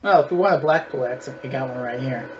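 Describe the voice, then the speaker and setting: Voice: medium pitch, quick pace, lo-fi sound, slight background noise. A podcast co-host in casual online chat, playful and giggly.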